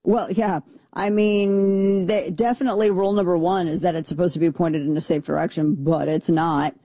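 A talk radio host, a woman, in loose on-air chat who riffs with disbelief and jokes. Her voice is mellow and warm and sits dry and close on a studio mic, with no room sound. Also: on the low side, fairly even intonation, moderate pace, no echo. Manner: incredulous, joking, repeats herself. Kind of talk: casual on-air commentary.

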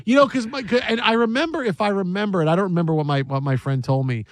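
A man hosting a sports talk show, telling a story in an animated way and acting out the voices of the people in it. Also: high-pitched, quick pace.

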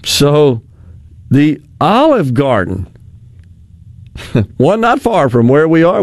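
A male radio talk show host on a studio microphone, chatting in an animated, sarcastic way and laughing often. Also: on the high side, dry recording.

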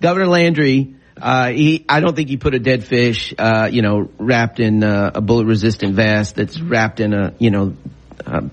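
A man's voice: mid-range voice, moderate pace. A man co-hosting a talk radio show, chatting casually and rambling through lots of fillers. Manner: rambling, full of fillers and restarts.

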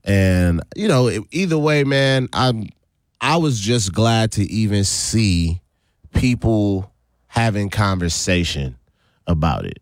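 A man's voice: lowish voice, lively intonation, no room sound. Laid-back man hosting radio. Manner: laid-back, drawn-out, laughs often. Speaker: radio show host. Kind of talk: casual radio chat. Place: radio studio. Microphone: studio microphone. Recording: dry close studio sound.

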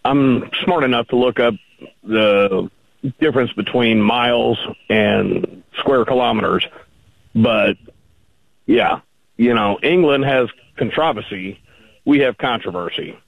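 A man calling in to a radio talk show, arguing his points slowly and deliberately. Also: medium pitch, no echo. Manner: slow and gravelly, argues point by point. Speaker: caller. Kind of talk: phone-in caller on talk radio. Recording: tinny phone line.

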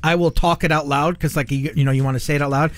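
A man's voice: fairly high pitch, steady tone, fast talker. A man co-hosting a morning radio chat, laid-back and chatty, laughing easily. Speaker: radio co-host.

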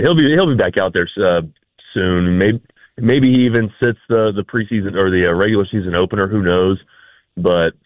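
Low-voiced man on a phone line. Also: no room sound. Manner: easygoing, dry humor, many fillers. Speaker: sports analyst guest. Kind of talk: casual sports talk. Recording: dry, tinny phone line.

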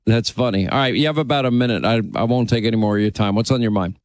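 A man from Long Island hosting a call-in radio show, greeting callers briskly and keeping things moving. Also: medium pitch, no room sound. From Long Island, New York. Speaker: radio talk show host. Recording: dry studio sound.

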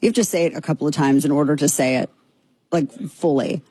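Woman talk radio host, husky voice, dry studio sound, mocking commentary. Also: low voice, fairly quick, warm tone, dry recording. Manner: mocking, scornful.

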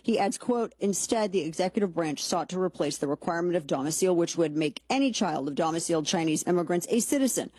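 A woman's voice: lowish voice, expressive, quick pace, few pauses, darkish tone, husky, dry recording. A woman hosting a talk show, giving emphatic, opinionated political commentary and reading quotes aloud.

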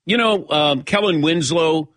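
A man's voice: a little high, unhurried, a bit bright, no room sound. A man hosting a sports radio show, telling a self-mocking story in casual chat, acting out the voices of the people in it and saying he still feels lightheaded.

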